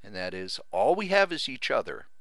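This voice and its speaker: A middle-aged man on his podcast offers an earnest, meandering thank-you to friends that turns emotional. He speaks at medium pitch and moderate pace, in a sing-song, fairly bright voice, with no echo.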